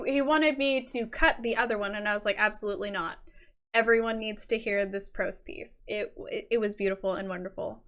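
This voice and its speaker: A woman's voice: on the high side, a bit bright. A woman hosting a creative writing show, reading submissions and gushing over them. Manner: gushing, effusive praise.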